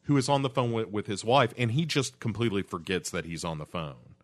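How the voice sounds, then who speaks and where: A man's voice: fairly low pitch, expressive, brisk. A man, recapping a TV episode in a casual podcast chat, rambling with many fillers. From United States. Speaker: podcast co-host.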